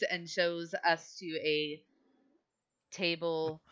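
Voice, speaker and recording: A woman's voice: fairly low pitch, steady tone, a little slow, sharp tone, clear, resonant tone. A woman game master narrating a tabletop game in a casual, chatty way. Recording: dull lo-fi audio.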